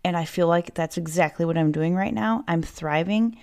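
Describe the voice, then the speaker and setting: Her voice is on the low side, clear and resonant with a slightly mellow quality, delivered at normal speed. She's a podcast host recording a casual solo monologue in her kid's play tent at home, angry and swearing a lot as she rambles off on tangents.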